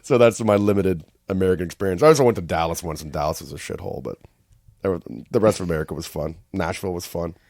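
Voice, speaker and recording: A Canadian man co-hosting a podcast, telling travel stories in casual chat and acting out other people's lines in high voices. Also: quick pace, no room sound. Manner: animated storyteller, acts out quotes in high voices. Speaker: podcast co-host.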